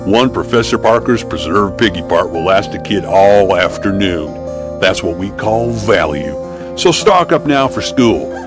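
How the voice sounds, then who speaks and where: A man reading a radio commercial in a folksy, down-home way. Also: lowish voice. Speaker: commercial announcer. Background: music.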